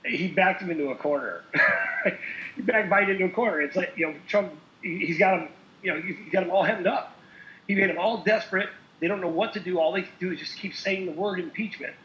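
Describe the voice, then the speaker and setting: A man co-hosting a casual political talk show, animated and laughing often. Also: high voice, brisk. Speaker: co-host. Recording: echoey lo-fi call audio.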